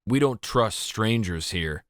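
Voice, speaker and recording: A man's voice: on the low side, expressive, slow, no room sound, clean studio sound. A man doing a cold, stern village officer. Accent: thick foreign accent. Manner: cold, threatening. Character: stern, gloomy gray-skinned village officer.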